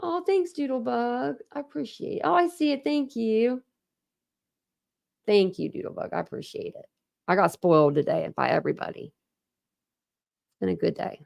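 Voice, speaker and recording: Her voice is on the high side, creaky and a little mellow, at a normal speed with frequent pauses. A mother of a young son, she hosts a true crime live stream, reading court records and reacting in an upset, conversational ramble packed with "like" and restarts. The studio recording is clean with no echo.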